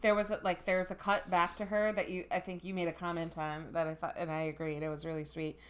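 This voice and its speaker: A woman's voice: on the low side, little pitch movement, fast talker, smooth. A young woman co-hosting a casual podcast about a horror film, laughing often and speaking bluntly and crudely. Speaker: podcast co-host.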